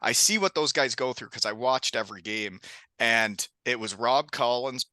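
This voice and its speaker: A man's voice: mid-range voice, normal speed, sharp tone, dry recording. A middle-aged man from Canada hosting a podcast, chatty and telling stories with frequent laughs. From Elmira, Ontario, Canada. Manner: chatty, laughs often, storytelling. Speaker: podcast host. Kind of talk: casual chat.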